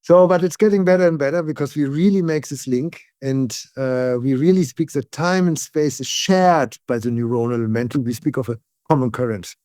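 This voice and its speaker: A neuroscientist guest speaking as an English speaker, explaining ideas in calm conversation and often checking in with "yeah?". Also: male voice, mid-range voice, no echo, studio quality. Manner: tag "yeah?" questions, frequent restarts, calm and deliberate.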